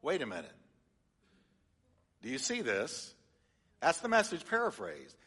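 Male pastor, lively teaching sermon, bright tone, long reverb of a church hall. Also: mid-range voice, measured pace, husky. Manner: animated, engages congregation with call-and-response. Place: church sanctuary.

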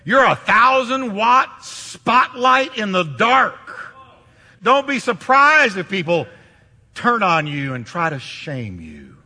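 A man's voice: sits high, pushed and bright. A man preaching a sermon with emphatic delivery, leading the congregation to repeat phrases after him. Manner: emphatic preaching, leads the congregation in call-and-response. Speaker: pastor. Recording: long reverb of a large church hall.

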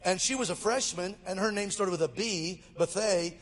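In a large hall with long reverb, a middle-aged man from Mobile, Alabama, US, delivers a sermon as a guest speaker. He's lively, joking with the audience through a funny story, his high voice at a moderate pace.

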